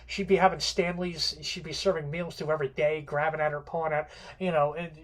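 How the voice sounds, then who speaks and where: A man's voice: fairly high pitch, level tone, a little fast. A man giving an unscripted literature lecture, rambling with many fillers and restarts and some casual swearing.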